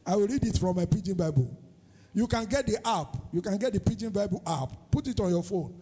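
A man with a Nigerian accent preaches a sermon as pastor during a church service, using a sing-song style that throws questions out to the congregation. His voice is high, expressive, and fairly quick with a dark tone, carrying a long reverb tail and slight background noise.

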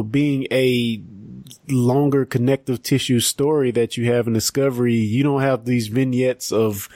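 Chatty animated man, dry close mic. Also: mid-range voice, no room sound. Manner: animated, chatty, many restarts and fillers. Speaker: podcast host. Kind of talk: casual chat.

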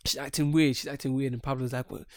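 A man co-hosting a podcast, telling a long story in casual chat, animated and rambling, swearing freely. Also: mid-range voice, quick pace, no room sound, clean studio sound. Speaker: podcast co-host.

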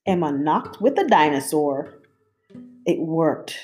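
A woman reads a picture book aloud, slow and expressive, her pitch rising and falling widely. Soft guitar plays faintly under her voice. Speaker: storyteller.

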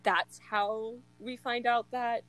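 A woman's voice: on the high side, flat delivery, takes it slowly, fairly bright tone, no room sound, rough recording. A young woman chatting casually about a book she loves, gushing, laughing often and filling her talk with "like". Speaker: co-host of a book discussion. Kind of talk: casual chat.

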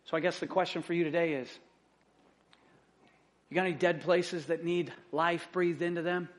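High-voiced emphatic pastor. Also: male voice, fairly even intonation, moderate pace. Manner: emphatic, swings from loud to hushed. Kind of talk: sermon. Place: church sanctuary.

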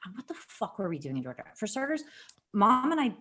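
A woman's voice: medium pitch, big pitch swings, brisk, fairly bright tone. A woman co-hosting a podcast in casual chat, blunt and swearing freely. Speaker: podcast co-host. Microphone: remote call mic.

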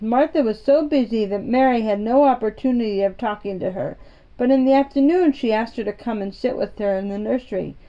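A woman's voice: a little high, lo-fi sound. A woman hosting a home storytelling show, playful and sing-song, then reading a classic tale aloud. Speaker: storyteller host.

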